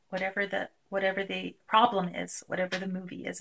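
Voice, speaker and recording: A woman presenting a live workshop, talking through a technique with many pauses and fillers. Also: mid-range voice, completely flat delivery, gravelly, a bit bright. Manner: hesitant, filler-heavy, demonstrates by voicing a client. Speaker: clinician presenting a tapping technique.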